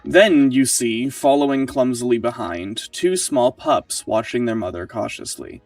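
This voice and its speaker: A man's voice: medium pitch, a little slow, no echo, soft background music. A man running a tabletop game as game master, reading out scene descriptions and laughing easily with his players.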